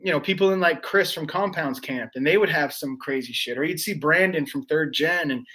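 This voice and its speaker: Profane, rambling man with a higher voice. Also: brisk, pushed and bright. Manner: rambling, profane, lots of fillers and restarts. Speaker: podcast guest. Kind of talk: casual conversational storytelling.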